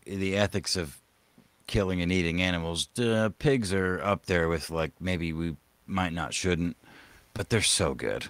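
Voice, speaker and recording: A man's voice: sits low, fairly bright tone, no echo. A man chatting in a crude, rambling way on a podcast, often laughing. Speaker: podcast co-host. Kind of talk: casual profane chat.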